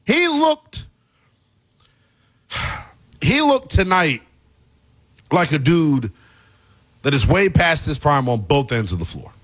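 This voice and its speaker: A man hosting a basketball talk show launches into an animated, exasperated rant full of emphasis. His voice sits high, and he's picked up on an earpiece mic in the studio.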